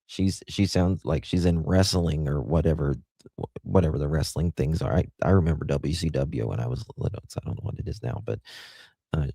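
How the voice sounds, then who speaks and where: A man's voice: very deep voice, brisk, vocal fry, warm tone, slightly rough, dry recording. A man hosting a livestream, giving blunt, crude, rambling commentary. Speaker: livestream host.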